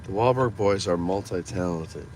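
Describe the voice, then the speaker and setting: A man's voice: low voice, moderate pace. A man hosting a casual live stream from his car, reading viewer comments aloud and chatting back. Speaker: host reading live chat. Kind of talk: casual live-stream chat while driving. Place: inside a car in town. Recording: clear traffic noise from a moving car. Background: car and street noise.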